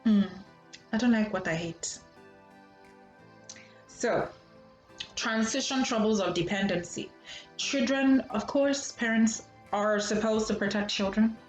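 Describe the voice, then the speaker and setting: A woman from Nigeria giving a casual psychology lesson, animated and acting out parents' voices. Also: medium pitch, unhurried, pauses often. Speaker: psychology lecturer. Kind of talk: casual teaching talk. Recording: echoey room with faint music.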